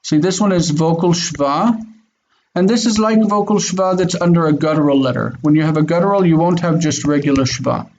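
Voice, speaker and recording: A man leads an online Hebrew lesson, patiently explaining and often affirming students with "mm-hmm." He talks fairly quickly in a voice on the high side with a slight mellowness, and the lo-fi audio is dull with faint noise.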